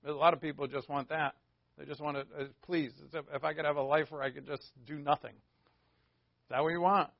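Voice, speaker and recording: A man's voice: fairly high pitch, level tone, fairly quick, creaky, dry recording. A man preaching a conversational sermon, full of rhetorical questions and informal asides. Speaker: pastor. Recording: dull lo-fi dry recording.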